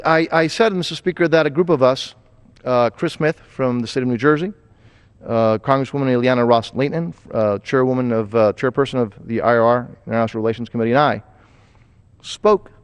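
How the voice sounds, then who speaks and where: Emphatic man speaking in a hall. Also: mid-range voice. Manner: emphatic, with frequent restarts. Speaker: congressman giving a floor speech. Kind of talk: formal floor speech. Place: legislative chamber.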